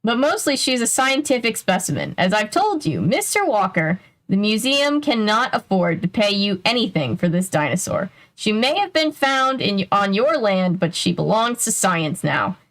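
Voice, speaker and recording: A woman reading the part of a patient male museum professor, measured and explanatory. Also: mid-range voice, big pitch swings, a bit bright.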